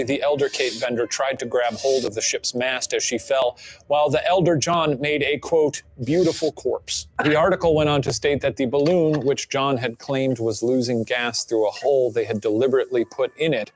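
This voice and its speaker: A man's voice: mid-range voice, moderate pace. A man co-hosting a show, presenting true-crime theories from a script with playful banter and silly voices for the people he quotes.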